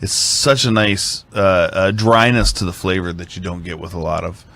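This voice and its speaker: A man's voice: sits low, fairly even intonation, normal speed, creaky, fairly bright tone. A man co-hosting a casual tasting podcast, laughing often and describing flavors eagerly. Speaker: podcast co-host.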